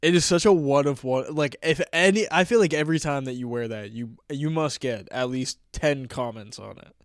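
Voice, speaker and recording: Male podcast co-host, mid-range voice, dry mic, quick to laugh. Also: mid-range voice, clean tone, no echo. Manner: laughs often, eggs on the story. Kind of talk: casual comedy chat.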